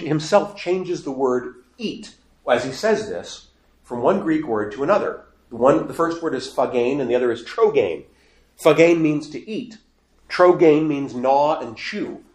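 A man preaching a sermon, animated, building to emphatic quoted lines. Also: medium pitch, echoey room.

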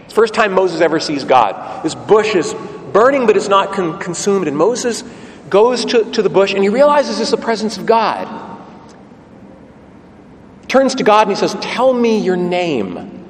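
A man's voice: high voice, lively intonation, moderate pace. A man preaching a sermon, telling the story vividly and putting rhetorical questions to the congregation. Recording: long church reverb, faint ambient noise.

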